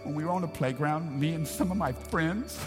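A man's voice: fairly high pitch, normal speed, natural voice. A man putting on a bubbly four-year-old girl. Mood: ashamed. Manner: bubbly, then small and ashamed. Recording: reverberant hall, faint music.

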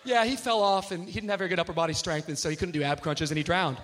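A man preaching a sermon, telling a funny personal story and acting out the voices with shouts. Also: high-pitched, rapid-fire, slight background noise. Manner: animated storyteller, acts out shouted quotes. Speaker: pastor.

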